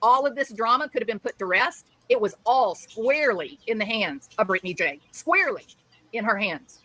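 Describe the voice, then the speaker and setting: A woman's voice: on the high side, lively intonation, a little fast, a bit bright, rough recording. A woman live streaming, ranting angrily and sarcastically at someone she criticizes. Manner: scolding, sarcastic. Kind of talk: angry ranting commentary.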